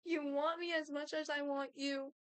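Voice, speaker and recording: A woman voicing a possessive, obsessive young woman who fixates on a stranger. She speaks slowly, in an intimate and menacing way. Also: high voice, level tone, no room sound, natural voice.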